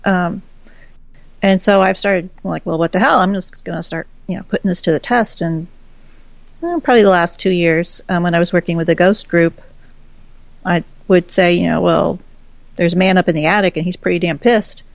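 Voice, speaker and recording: A woman's voice: fairly low pitch, steady tone, normal speed, creaky, no room sound. A woman from Texas, a guest in a casual chat, telling stories with lots of laughs and acted-out quotes. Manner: chatty storyteller, laughs often, acts out quoted voices. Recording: dull lo-fi call audio.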